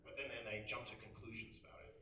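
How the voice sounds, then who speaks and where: A man's voice: fairly low pitch, level tone, fast talker, pushed and bright, roomy sound, recorded from a distance, slight background noise. A man doing a stand-up comedy set, talking wryly and conversationally with the crowd. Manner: conversational, wry, addresses the crowd. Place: comedy club stage.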